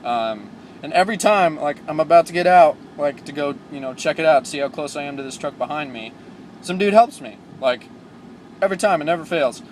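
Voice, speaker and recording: A young man, a new truck driver, telling stories in a casual, rambling vlog, full of fillers and excited asides. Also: fairly high pitch, brisk, a little hiss or hum.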